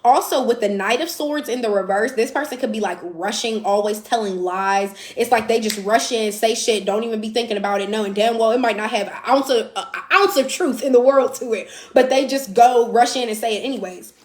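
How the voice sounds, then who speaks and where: A woman's voice: on the high side, a little fast, hardly any pauses, reverberant. A woman giving a casual, blunt live tarot reading, chatty and swearing now and then. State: out of breath. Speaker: tarot reader.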